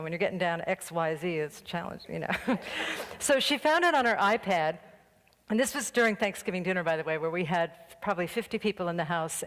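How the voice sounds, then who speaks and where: A woman minister giving a conversational sermon, full of anecdotes and light laughter, in a church sanctuary. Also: fairly low pitch. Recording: long reverb of a church hall.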